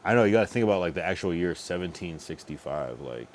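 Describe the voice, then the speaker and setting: A man's voice: low-pitched, animated, quick pace, a little hiss or hum. A man streaming late at night, a bit tipsy, rambling loosely with plenty of profanity as he reacts to things on screen. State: tipsy from drinking.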